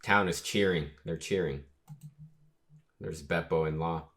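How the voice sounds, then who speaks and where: Deep, slow-talking, excitable man. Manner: excitable, exclaims when he reacts. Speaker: manga reaction host. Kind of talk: casual reaction and read-aloud.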